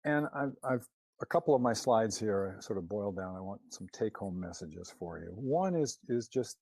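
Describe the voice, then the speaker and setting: Guy giving a slide talk, lowish mellow voice, lots of ums and restarts, kinda critical. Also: expressive, normal speed, dry recording. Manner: hesitant, many fillers and restarts; critical, questioning. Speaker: presenter.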